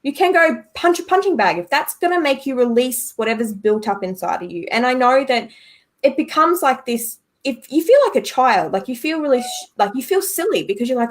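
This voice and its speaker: Young woman, high and animated, emphatic guest giving motivational talk. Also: brisk. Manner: emphatic, animated, acts out quoted thoughts. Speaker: guest, business owner. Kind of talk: motivational conversation.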